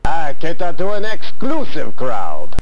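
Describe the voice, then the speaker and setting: A man's voice: fairly high pitch, wildly swooping pitch, unhurried, a little hiss or hum, heavily acted. An actor playing a rude, sleazy male photographer who puts on a bad fake French accent, in 1990s video game voice acting. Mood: haughty. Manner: dismissive and haughty.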